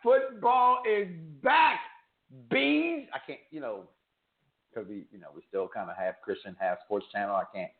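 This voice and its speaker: A man hosting a sports betting show, joking and bantering, swinging from loud hype to low asides. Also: a little fast. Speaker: sports picks show host. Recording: echoey room over a tinny phone-like line.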